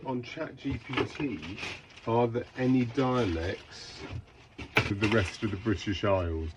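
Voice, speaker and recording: A man's voice: fairly low pitch, a little slow, noisy background. A man, an artist and vlogger, talking casually to an AI assistant in a hesitant, stop-start, irritated way.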